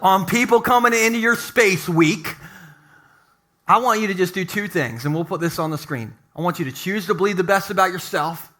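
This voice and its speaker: Jokey male pastor, high and bright, chatty sermon delivery. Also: moderate pace. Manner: playful, jokey, conversational preaching. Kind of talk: humorous sermon. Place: church sanctuary.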